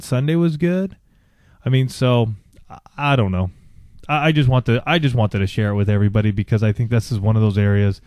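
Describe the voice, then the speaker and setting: A man co-hosting a podcast, telling a candid personal story in a halting way, with many restarts and fillers. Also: fairly low pitch, darkish tone, no echo, clean studio sound. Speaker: podcast co-host.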